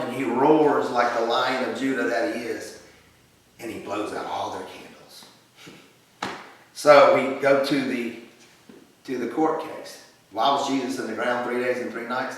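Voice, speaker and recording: A man's voice: medium pitch, fairly bright tone. A man teaching a Bible lesson as a vivid story, with fillers and acted-out quotes. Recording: echoey room, voice from a distance.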